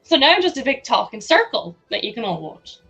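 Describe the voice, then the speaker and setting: A woman's voice: a little high, very animated, fairly quick, a bit bright, breathy edge, faint music behind, rough recording. A young woman with a sore throat, chatting casually and giggling on a livestream while she builds, talking into a headset at home. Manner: chatty, giggly, reacts to chat aloud. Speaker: livestream host.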